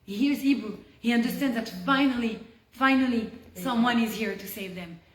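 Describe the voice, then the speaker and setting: Woman teaching torah on a call, animated storyteller, kinda high voice, echoey room. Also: normal speed. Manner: animated storyteller, drops to hushed tones for tension. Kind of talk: spoken Torah lesson with storytelling. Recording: roomy echo.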